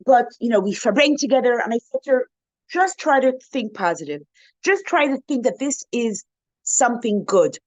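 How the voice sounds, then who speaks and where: A woman rebbetzin giving an inspirational talk to a women's circle over a video call, telling a story in an animated way with frequent "you know"s and restarts. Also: on the high side, dry recording. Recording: dull, dry video-call audio.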